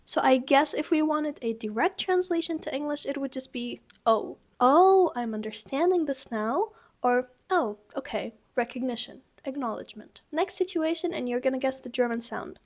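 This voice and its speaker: A woman's voice: sits high, lively intonation, moderate pace, hardly any pauses. A young woman teaching everyday sounds in a casual video lesson, chatty and acting out each sound with exaggerated tones. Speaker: language teacher.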